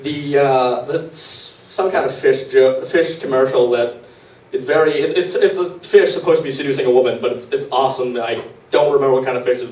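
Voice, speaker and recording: A man's voice: mid-range voice, a little mellow. Young man, twenty, open mic storyteller, rambling, fillers, echoey room, distant mic. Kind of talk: live comic storytelling. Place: small live venue.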